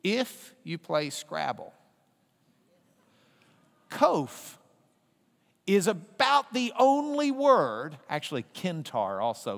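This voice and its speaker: In a large hall, a man leads a Bible class with a high voice that swings widely in pitch, joking and playfully coaxing the group to repeat letters back to him. His tone is a bit bright with some vocal fry, and a long hall reverb trails each line.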